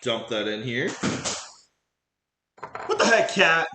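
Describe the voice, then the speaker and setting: A man's voice: medium pitch, very animated, slow pace, sharp tone, roomy sound, slight background noise. A man chatting casually with his live chat while cooking at home, goofy and laughing often. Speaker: cooking streamer. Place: home kitchen.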